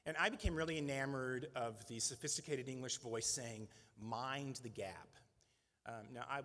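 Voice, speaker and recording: A middle-aged man who leads a nonprofit addresses donors at a fundraising breakfast, his voice medium in pitch and fairly bright. He talks in a conversational, earnest way and keeps tossing in "right?" as an aside. The recording carries the echo of a large banquet hall.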